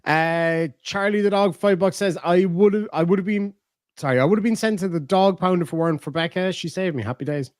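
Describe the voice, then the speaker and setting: A man's voice: high voice, a little fast, no echo, studio quality. A man hosting a livestream, reading out donations and telling profane, jokey stories in casual chat. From Ireland. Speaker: livestream host.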